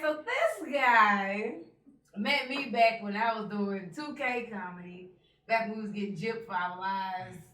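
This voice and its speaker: Bright, loud Texan woman host in an echoey room. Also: mid-range voice, recorded from a distance. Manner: loud, laughing storyteller, Southern Black vernacular. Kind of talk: casual chat.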